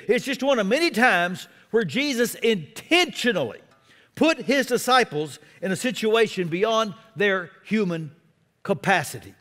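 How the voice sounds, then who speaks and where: A middle-aged man preaching a sermon as pastor, expressive, with self-deprecating humor. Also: high voice, long reverb tail.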